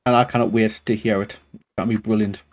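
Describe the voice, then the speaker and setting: A man's voice: fairly low pitch, flat delivery, a little fast, darkish tone. A man hosting a casual interview, chatty and given to laughing and swearing.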